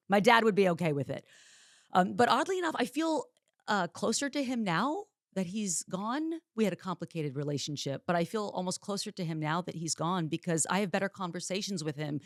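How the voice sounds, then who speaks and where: A woman hosting a solo podcast, telling personal stories in a candid, chatty way with dark jokes. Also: lowish voice, no echo, clean studio sound. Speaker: podcast host. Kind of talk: solo podcast monologue, casual storytelling.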